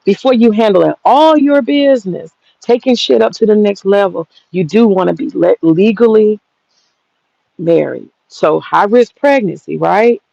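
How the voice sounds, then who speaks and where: Gravelly, combative woman in her thirties. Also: mid-range voice, expressive, measured pace, dark tone, no echo. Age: 30s. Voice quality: profane, combative, talks straight at a critic. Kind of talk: heated casual rant. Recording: dull lo-fi sound.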